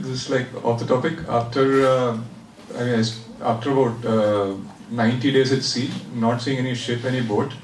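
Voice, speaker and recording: A man from India, a solo sailor answering interview questions in a chatty, self-deprecating way, laughing often and filling pauses with "uh". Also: medium pitch. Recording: roomy and distant.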